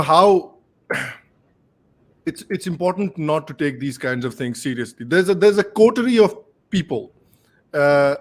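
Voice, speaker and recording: Higher-voiced man hosting a podcast. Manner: laughs easily, mixes in Hindi phrases. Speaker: podcast host. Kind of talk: casual panel chat.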